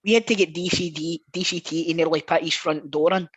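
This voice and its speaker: A man with a Scottish accent, a podcast regular, chatting casually in an excitable, blunt and sweary way. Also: fairly high pitch, fairly quick, slight background noise. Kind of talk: casual chat.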